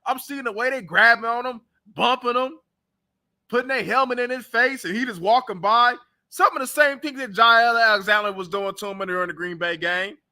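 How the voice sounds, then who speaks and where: A man's voice: high voice, sharp tone. A young man hosting a sports talk show, ranting casually and bluntly about his team and trash-talking its players. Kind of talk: casual sports reaction rant.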